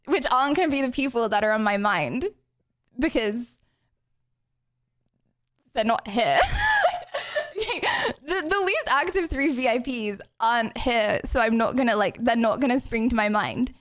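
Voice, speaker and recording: A woman's voice: on the high side, normal speed. A young woman streamer, chatting casually and rambling through her chat's questions with lots of giggles and filler words. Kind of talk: casual chat answering chat questions.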